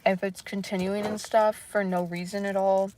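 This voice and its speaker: A woman streamer talking in a casual, hesitant, rambling way with many fillers, soft and unsure. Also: mid-range voice, flat delivery, moderate pace, a little hiss or hum. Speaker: livestreamer. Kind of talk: casual livestream chat.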